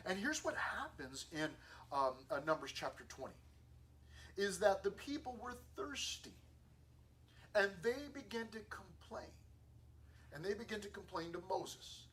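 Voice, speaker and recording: A man teaching a Bible lesson to a youth group in a casual, lively way, acting out the dialogue as he tells the story. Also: sits high, slight background noise. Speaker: youth pastor. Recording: distant mic with faint room ambience.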